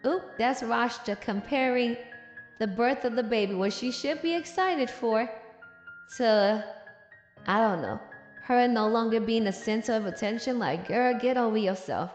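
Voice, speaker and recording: Sassy woman comic-recap host, high-pitched and playful, echoey room with faint music. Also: a little slow. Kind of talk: casual comic review commentary.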